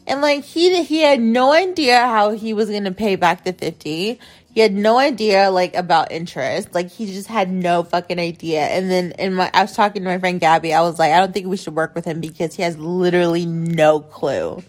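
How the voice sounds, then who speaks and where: Speaking at a moderate pace in a lowish voice, this woman hosts a podcast and rants indignantly through a story. She's casual and profane, constantly dropping in fillers like "like."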